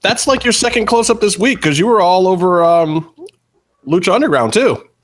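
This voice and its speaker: A man's voice: sits high, lively intonation, moderate pace. A man hosting a casual wrestling podcast, teasing his co-hosts in loose, profane banter over an internet call. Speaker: podcast host. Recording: noisy call with clicks.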